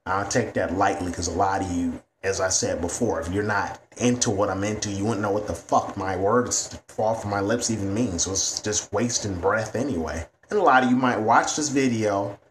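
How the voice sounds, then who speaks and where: A man's voice: fairly low pitch, moderate pace, few pauses, a little hiss or hum. A man ranting to camera in a vlog, blunt and heavy on profanity. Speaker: vlogger.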